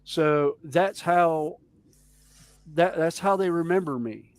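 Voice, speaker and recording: A man's voice: on the high side, slow, dry recording. Chatty Southern man with dry sound. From Southern United States. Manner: animated storyteller, chuckling. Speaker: podcast co-host. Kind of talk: casual chat.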